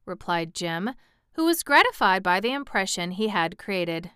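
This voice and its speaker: A woman narrating a children's storybook aloud in a measured way, with the odd wry aside. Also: mid-range voice, big pitch swings, a bit bright, clean tone, no room sound, studio quality.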